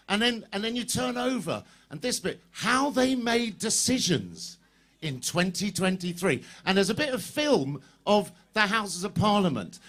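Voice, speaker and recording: Animated man rallying a crowd. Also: high-pitched. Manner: animated, swears casually, rallies the crowd with questions. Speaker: activist speaker at a rally. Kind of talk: impassioned outdoor rally speech. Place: outdoor public square rally.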